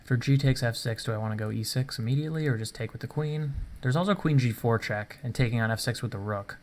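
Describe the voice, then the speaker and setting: A man's voice: mid-range voice, quick pace, darkish tone. A man casually commenting on his own chess game, thinking aloud and chuckling at himself, recorded at home in his apartment. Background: faint rain noise.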